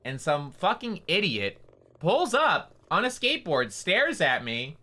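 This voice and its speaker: A man's voice: on the high side, wildly swooping pitch, measured pace, pushed and bright. A man casually recounting a game story on his stream, rambling and swearing with lots of fillers.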